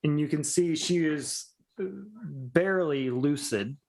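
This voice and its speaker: A man running a tabletop game as game master, narrating in halting, improvised bursts. He speaks slowly, in a fairly high voice. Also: vocal fry, a little mellow, poor audio.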